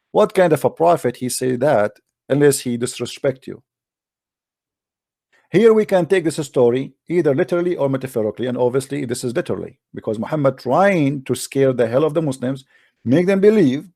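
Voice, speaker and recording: Male host, heated debater, insistent, broken English, a bit high-pitched. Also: animated, a little fast, creaky, warm tone, dry recording, studio quality.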